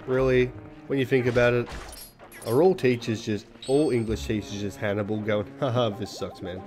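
A man's voice: medium pitch, steady tone, normal speed, darkish tone, faint music behind. A young man giving rambling, jokey, sweary commentary while playing a video game. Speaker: let's play host. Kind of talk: casual gameplay commentary.

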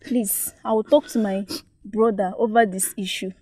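A woman's voice: mid-range voice, fairly even intonation, moderate pace, a little mellow, lightly acted. A Nigerian woman acting as a young daughter who pleads and asks questions with care, in a film. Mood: pleading. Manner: pleading, consoling. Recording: film audio with faint music.

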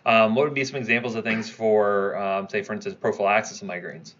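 Low-voiced man leading a review lecture. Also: flat delivery, brisk, a bit bright, highs cut off. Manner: quizzes students, tags lines with "right?". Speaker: pharmacology instructor.

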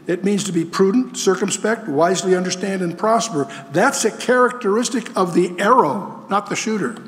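Emphatic man teaching in a reverberant hall. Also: high-pitched. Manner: emphatic, rhetorical questions, frequent restarts. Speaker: Bible teacher. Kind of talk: lecture-style Bible teaching with slides.

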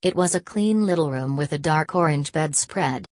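A woman narrating a novel as an audiobook in a steady, measured reading. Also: low-pitched, dry recording.

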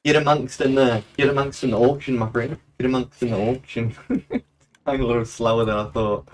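A young man live-streams a game, chatting casually, laughing a lot, and slipping into playful auctioneer calls. His medium-pitched voice moves at a moderate pace with fairly even intonation.

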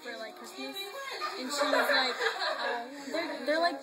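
A woman's voice: sits high, measured pace, heavy background noise. A woman telling a comic story about asking her mother for concert tickets, chatty and whiny, full of "like". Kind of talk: comedic storytelling. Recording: loud crowd in a big hall.

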